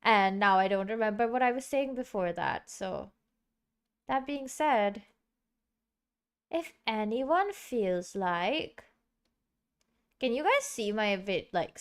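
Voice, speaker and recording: Woman, streamer, casual rambling chat, at home, mid pitch. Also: clear, resonant tone. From Singapore. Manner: rambling, chatty, many fillers and restarts.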